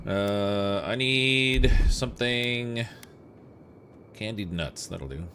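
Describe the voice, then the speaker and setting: A man's voice: lowish voice, very slow, pushed and bright, slight background noise. A young man streaming a fantasy game, chatting casually and laughing at himself as he plays. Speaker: gaming streamer. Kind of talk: let's play commentary. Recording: game sounds behind voice. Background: game sound effects.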